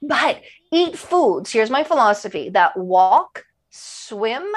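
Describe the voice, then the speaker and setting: A woman with a slightly raised pitch talks as a nutrition coach on a podcast. She is enthusiastic and emphatic, driving her key phrases home by repeating them. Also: very animated, slow. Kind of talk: podcast interview.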